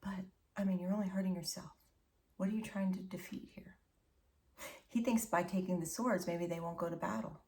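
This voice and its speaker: A woman's voice: fairly low pitch, steady tone, moderate pace, darkish tone, distant mic. A woman giving a channeled tarot reading, intimate and emotional, often dropping to a whisper and calling listeners honey and baby. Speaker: tarot reader.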